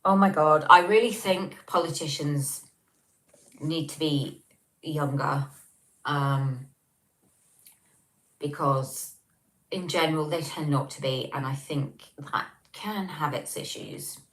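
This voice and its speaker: On a tablet set on a table, a woman with an English accent records a casual livestream at home, reading comments and chatting. Her deep, slightly bright voice moves at a slow pace with frequent pauses, and she rambles with many ums.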